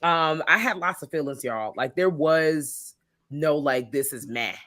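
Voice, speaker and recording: A woman co-hosting a casual podcast chat, animated and swearing freely with lots of laughter. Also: deep voice, measured pace, no room sound, studio quality. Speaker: podcast co-host.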